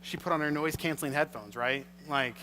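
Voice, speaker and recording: A male pastor preaching a sermon, reading scripture and retelling it with animated storytelling. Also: on the high side, unhurried, slight background noise, poor audio. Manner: animated storytelling, acts out scenes.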